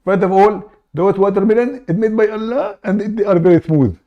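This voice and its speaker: A high, loud, earnest caller who brags about everything and pushes each point with total conviction, as a man puts him on. The voice sits well above the performer's own, with a gravelly edge underneath. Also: brisk, lo-fi sound. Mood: eager, boastful. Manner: earnest, boastful, always opens with "first of all". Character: eager bragging male caller, adult.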